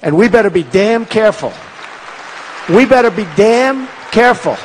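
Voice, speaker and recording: A man in his sixties delivers a rally speech, repeating his points with emphasis and boasting as he drifts between topics. His voice sits high and swings widely in pitch. Long reverb from a large performing arts hall trails each phrase. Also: lively intonation, normal speed, some chatter behind, a little hiss or hum. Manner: repetitive, emphatic, boastful, digressive. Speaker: political candidate speaking at a rally.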